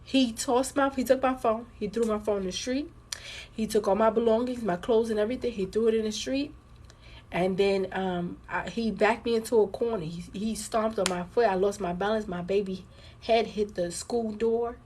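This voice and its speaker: Livestream host: a husky-voiced woman telling her viewers a personal story, candid and conversational. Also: mid-range voice, fairly even intonation, normal speed, a little mellow. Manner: candid, conversational, addresses viewers as girl and y'all.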